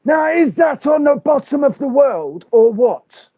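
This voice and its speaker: Chummy London bloke voiced by a man, very high, loud, nosy, dry lo-fi sound. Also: big pitch swings, unhurried, no room sound, full character voice.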